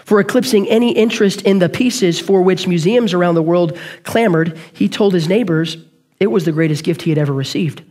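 High-voiced preacher telling a story. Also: male voice, darkish tone. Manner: earnest storytelling, quick with self-corrections. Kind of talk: sermon.

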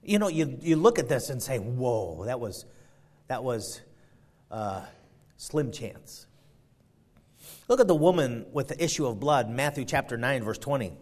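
A man preaching a sermon, moving from a quiet prayer to loud, fervent emphasis as he retells a story. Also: medium pitch, lively intonation, a little slow, long pauses.

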